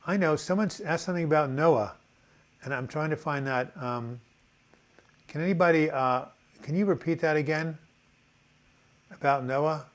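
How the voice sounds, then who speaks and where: A man's voice: on the high side, moderate pace, long pauses. An older man hosting a casual live video chat, reading out viewer comments in a loose, rambling way with many fillers.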